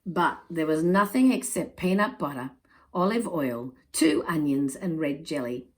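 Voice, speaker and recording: A woman reading a children's picture book aloud in an expressive, measured way. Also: sits low. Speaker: storyteller.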